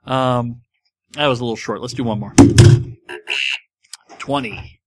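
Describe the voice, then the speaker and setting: A middle-aged man hosts a casual podcast chat, answering listener questions in a rambling, self-deprecating way. His voice has a medium pitch and a measured pace, with no room sound in the recording.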